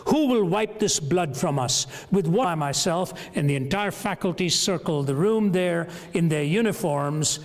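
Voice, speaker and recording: A man giving a public lecture at a university, measured and reflective as he tells stories. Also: sits high. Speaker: speaker. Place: large university lecture hall. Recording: long reverb of a large hall.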